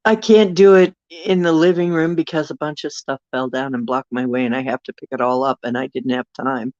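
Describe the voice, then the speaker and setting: A woman with a deep voice hosts a livestream from her bedroom, chatting casually and rambling as she reads viewer comments. It's recorded on a phone, so the audio is dull and lo-fi, with no room sound.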